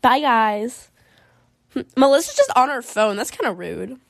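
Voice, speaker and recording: High-pitched girl chatting thru a story game, giggly, reacts to everything, dry close sound. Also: wildly swooping pitch, fairly quick, gravelly, dry recording. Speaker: gaming video creator. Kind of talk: casual game commentary, reading choices aloud.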